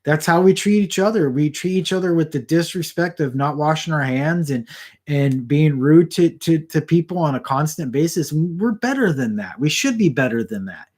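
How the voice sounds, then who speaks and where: Rambling man with a higher voice. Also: lively intonation, moderate pace, a little mellow. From Southern California. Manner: rambling, frequent restarts and stammered repeats. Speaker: vlogger talking to camera. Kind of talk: casual rambling chat. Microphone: camera about four feet away.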